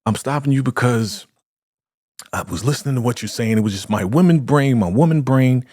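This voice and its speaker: A scheming woman cult leader coos flattery in a sugary falsetto, as a man puts her on for a recap. Her voice sits noticeably above the speaker's own. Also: a little fast, no echo, clean studio sound, lightly acted. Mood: fawning.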